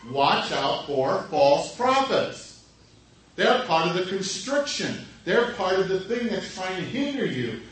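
A man's voice: high voice, a bit bright, a little hiss or hum. A male preacher delivering a sermon in a conversational way, asking the listeners rhetorical questions. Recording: echoey room from far off, faint background.

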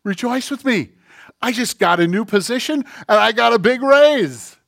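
A man's voice: very high voice, lively intonation, moderate pace, vocal fry, fairly bright tone, no room sound, studio quality, voice pushed up, heavily acted. A man voicing a gloating, overjoyed male coworker who just got a raise, in a sermon. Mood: gleeful. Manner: squealing, overjoyed.

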